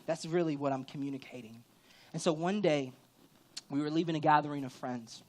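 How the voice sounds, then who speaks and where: A man delivers a church sermon in a frank, conversational tone. His voice sits a little high for a man. He leans into emphatic rises to drive his points home. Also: fairly quick, a little mellow. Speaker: pastor.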